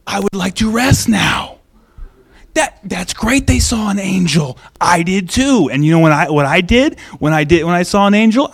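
A man voicing a weary new mother, complaining in a hushed, exasperated way. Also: high voice, breathy edge, heavily acted. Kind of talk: sermon illustration.

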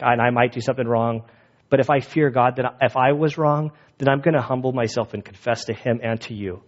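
Male pastor, mid-pitched, loose chatty sermon delivery, dull muffled recording. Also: darkish tone. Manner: casual, rambling, self-interrupting. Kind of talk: sermon with personal stories.

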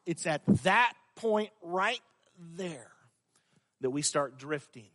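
A man's voice: high-pitched, a bit bright. A male pastor preaching a sermon, emphatic and full of rhetorical questions to his congregation. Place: church. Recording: long hall reverb.

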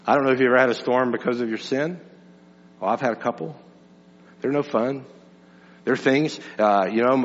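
A man preaching a sermon as pastor, swinging between loud emphatic lines and soft, low asides. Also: big-room sound, lo-fi sound.

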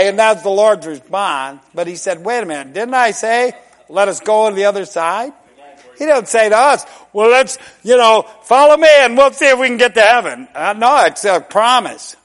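A middle-aged man preaching a sermon, folksy and emphatic, dropping to a hush and then rising loud on drawn-out words. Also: high-pitched, lively intonation. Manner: folksy and conversational, repeats "amen". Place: church service.

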